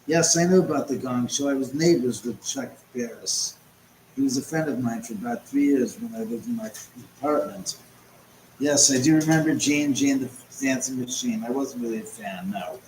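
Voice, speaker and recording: A chatty man rambles through a live stream from his home, answering viewer comments as they come in. His voice sits at a mid pitch. The room is echoey and roomy, with a faint hiss underneath. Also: moderate pace, darkish tone. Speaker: host. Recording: roomy echo, faint background noise.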